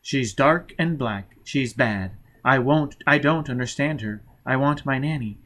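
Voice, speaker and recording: A man's voice: mid-range voice, a little slow, sharp tone. A man voicing a frightened young boy telepath in an audiobook, pleading and whimpering. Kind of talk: audiobook character voice.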